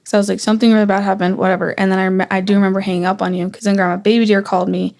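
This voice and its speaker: Gravelly-voiced young woman retelling, rambling. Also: medium pitch, level tone, rapid-fire, darkish tone. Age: young adult. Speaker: guest. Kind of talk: casual family conversation.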